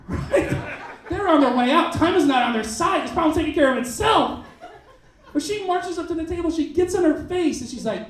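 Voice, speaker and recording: A man doing stand-up in a comedy club, his voice pitched high and swinging wildly as he acts out little characters. The sound is very echoey and a touch distant, like a room mic picking him up from across the club. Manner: animated, acts out characters in quick bits. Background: audience laughter.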